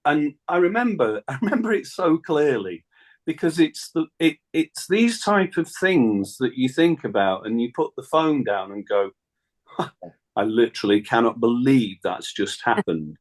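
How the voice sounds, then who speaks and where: A middle-aged man, a singer telling a lively anecdote in a radio interview and laughing often. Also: medium pitch. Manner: chatty storyteller, laughs often, acts out phone calls. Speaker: guest singer. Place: radio studio.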